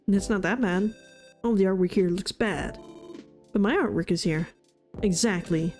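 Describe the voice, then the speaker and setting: A woman's voice: mid-range voice, moderate pace, darkish tone. A woman VTuber playing through a game, reading its text aloud with sarcastic, self-deprecating jokes. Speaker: VTuber streamer. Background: faint game music.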